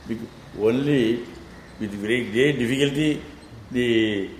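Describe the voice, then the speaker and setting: A man patiently explains a classical poem line by line, reciting verse quickly in a sing-song way. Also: medium pitch, echoey room, slight background noise, poor audio. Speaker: teacher of classical poetry.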